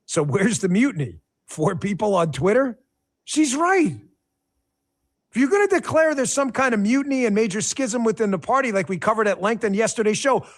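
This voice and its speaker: A middle-aged man hosting a political talk show, giving emphatic, sarcastic commentary and speaking straight to his viewers. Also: sits high.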